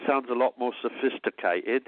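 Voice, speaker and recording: A man's voice: medium pitch, normal speed, no room sound, pitched below the performer's own voice, lightly acted. Man doing a posh british guy, playful, over a tinny landline. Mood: mock posh. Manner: jokey, playful. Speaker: guest comedian. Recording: tinny landline phone call.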